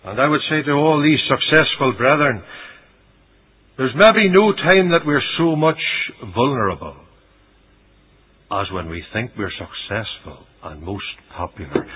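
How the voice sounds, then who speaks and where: Preacher with big dynamic swings. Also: male voice, medium pitch, very animated, measured pace, slightly rough. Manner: dramatic preaching, voicing Christ's words with big swings from loud to hushed. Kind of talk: sermon. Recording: dull lo-fi radio recording.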